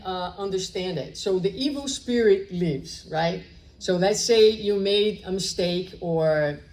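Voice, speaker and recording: A woman's voice: mid-range voice, darkish tone. A woman giving a public spiritual lecture, reflective and often checking in with her listeners. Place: spiritist center meeting room.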